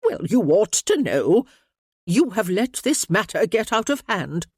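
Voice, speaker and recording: A woman's voice: mid-range voice, sing-song, unhurried, a little mellow, breathy edge, no echo, studio quality, full character voice. A woman voicing an imperious elderly noblewoman who scolds and commands in a storybook reading.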